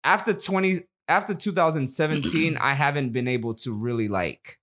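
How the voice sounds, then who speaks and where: A man telling stories in casual podcast chat, relaxed, with trailing pauses and fillers. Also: a little high. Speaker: podcast co-host.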